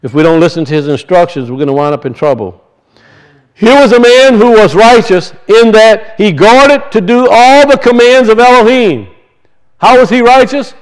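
A man's voice: high voice, lively intonation, normal speed, clean tone, rough recording. A man preaching a sermon, teaching from scripture and emphatically asking and answering his own questions.

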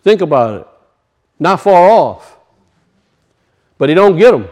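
High-voiced Cajun preacher. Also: male voice, sing-song, a little slow, darkish tone. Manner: emphatic, questions the congregation, folksy dialect grammar. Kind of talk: sermon.

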